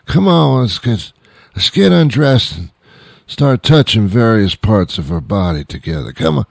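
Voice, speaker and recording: A man's voice: lowish voice, big pitch swings, measured pace, vocal fry, dry recording, clean studio sound, voice pushed up, full character voice. A man voicing a sloppy, affectionate drunk man who keeps repeating himself and begging for hugs. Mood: clingy. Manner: slurring, repetitive, pleading for hugs.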